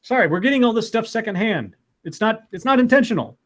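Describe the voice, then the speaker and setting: A man's voice: high-pitched, lively intonation, fairly bright tone. A man co-hosting a casual livestream, reading out donations and stammering often. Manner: stammering, quick to laugh.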